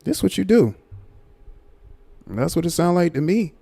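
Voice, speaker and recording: Gravelly man calling out a guest. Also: high voice, very animated, normal speed, dark tone. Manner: repetitive, emphatic, judging. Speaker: livestream host. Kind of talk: commentary on a livestream.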